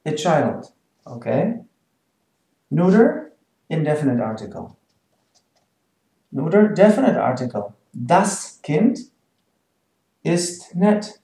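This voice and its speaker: Man, language teacher, slow and patient, slightly high voice, echoey room. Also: gravelly, mellow. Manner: slow, patient, repeats example sentences, chuckles at grammar. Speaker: German teacher. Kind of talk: language lesson explanation.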